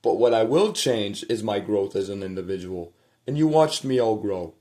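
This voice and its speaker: With a lowish voice, lively intonation and a moderate pace, a man tells the camera a personal story from home at night. He rambles and curses, repeating himself and drifting off into quiet murmurs.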